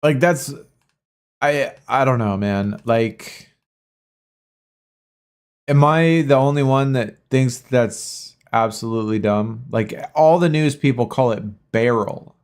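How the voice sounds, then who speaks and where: Slow-talking man chatting on a game stream. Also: mid-range voice, smooth. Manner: rambling, argues with chat, swears casually. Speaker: livestream gaming host. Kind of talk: casual livestream chat.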